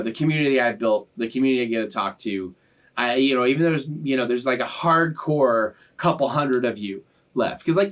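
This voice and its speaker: A man's voice: medium pitch, a bit bright. A young man talking to his viewers in a casual, heartfelt, emotional way, rambling and restarting his sentences. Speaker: YouTube reaction channel host. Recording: voice a bit far from the mic.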